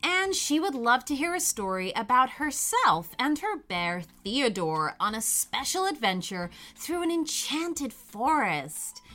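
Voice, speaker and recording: A woman's voice: sits high, big pitch swings, unhurried, few pauses, sharp tone, faint music behind. A woman hosting a children's podcast, cheerfully reading a story aloud to young listeners.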